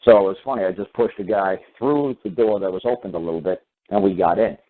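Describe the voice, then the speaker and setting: A man's voice: sits low, fast talker. A man calling into a talk radio show, telling stories and lecturing in an emphatic, repetitive way. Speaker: guest caller on talk radio. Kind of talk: talk radio storytelling and opinion. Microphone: phone. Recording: phone-line call.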